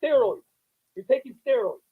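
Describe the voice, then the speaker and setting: A man's voice: very high voice, lively intonation, normal speed, husky. A man, a battle rapper, talking heatedly in an interview, aggrieved and insistent, restarting his sentences. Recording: tinny lo-fi interview clip.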